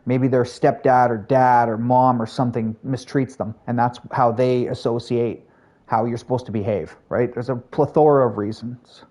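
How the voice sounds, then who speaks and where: A man with a mid-range, darkish voice speaks at a moderate pace in a steady tone. He's a Canadian streamer with a Canadian English accent, casually chatting while he games, calling chat and viewers by name and using plenty of friendly fillers.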